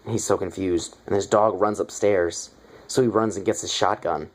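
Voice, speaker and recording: Low-voiced man gushing over a movie. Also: moderate pace. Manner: excited, rambling, heavy swearing. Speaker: movie reviewer. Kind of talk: casual movie review.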